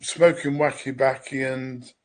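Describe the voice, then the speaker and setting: A man's voice: mid-range voice, steady tone, a little slow. A man with a British accent hosting a radio talk, speaking in a loose, rambling conversational way. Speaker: radio host. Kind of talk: casual conversation.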